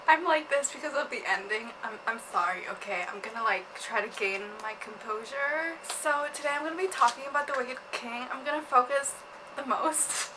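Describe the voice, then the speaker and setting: A woman's voice: a little high, normal speed, background noise. A young woman vlogging about a book, giggly and gushing, laughing and apologizing as she talks. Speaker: booktube vlogger. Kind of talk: casual chat.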